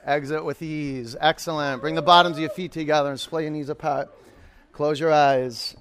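A man's voice: fairly high pitch, fairly quick, a little hiss or hum. Upbeat male yoga instructor calling counts. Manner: energetic counting and motivating cues; casual storytelling asides. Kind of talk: live yoga class cueing.

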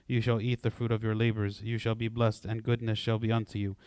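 A man leading liturgical prayers in a steady, even recitation, with short chanted responses. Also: fairly low pitch, brisk, clean tone, dry recording, studio quality. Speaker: prayer leader.

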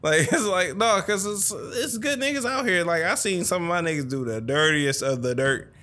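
A man in his thirties co-hosting a casual podcast. His voice is bright and has an edge to it. He talks in loose, profane banter and breaks into laughs often. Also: sits high, animated, moderate pace. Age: 30s. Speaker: podcast co-host.

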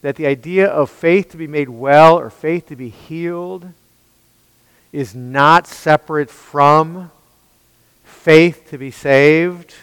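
Male pastor, slightly high and smooth-voiced, preaching emphatically with lots of rhetorical questions, long hall reverb. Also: takes it slowly, fairly bright tone. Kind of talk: expository sermon.

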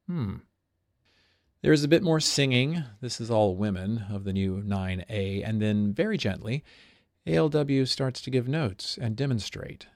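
A man's voice: medium pitch, a little slow, a little mellow, no room sound, clean studio sound. A stage performer reading his own journal aloud, in a wry, observant way with little asides.

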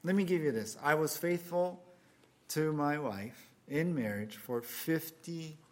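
A man voicing a flustered man at heaven's gate who keeps pleading his case in a higher, louder voice. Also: measured pace, close to an everyday voice. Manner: exasperated, pleading, rising pitch.

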